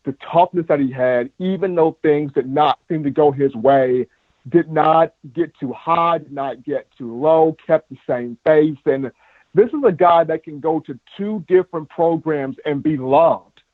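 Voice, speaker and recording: A man co-hosting a sports podcast, telling animated stories in casual talk and repeating words as he goes. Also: fairly high pitch, a little slow, no echo. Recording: muffled lo-fi dry sound.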